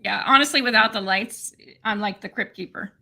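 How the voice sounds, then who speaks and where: A woman's voice: mid-range voice, brisk, sharp tone. A woman co-hosting a casual livestream, bubbly and laughing, greeting viewers by name. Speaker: livestream co-host.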